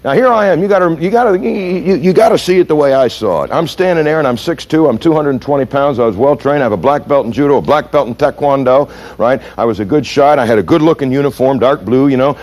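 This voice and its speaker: A man's voice: medium pitch, quick pace, hardly any pauses. A man from the United States who trains police, telling stories in a lecture and quizzing his audience. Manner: animated, punchy storyteller who asks the audience questions. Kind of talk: storytelling lecture.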